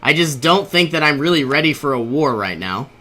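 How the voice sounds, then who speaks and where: A man's voice: fairly high pitch, expressive, a little fast, bright, forceful tone. A young man giving casual commentary over his own strategy game, thinking aloud, often exasperated and laughing. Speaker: let's play host.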